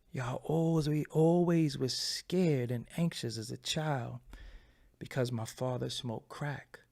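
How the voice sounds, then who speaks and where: A man with a gravelly, fry-edged voice shares a personal story with his viewers. His talk is candid and profane, and it comes in halting bursts that loop back on themselves. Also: mid-range voice, darkish tone. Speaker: channel host.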